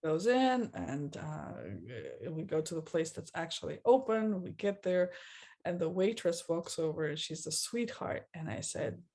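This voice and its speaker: A woman's voice: low-pitched, sing-song, unhurried, warm tone. A woman telling a personal story in a casual chat, laughing often and acting out the lines she quotes.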